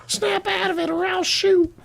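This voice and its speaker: A player squeaking out a snippy kangaroo cop lady. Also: level tone, moderate pace, gravelly, over a noisy crowd, exaggerated voice. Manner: shrill, exaggerated high put-on voice. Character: brusque female kangaroo police officer. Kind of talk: comic voicing of game dialogue.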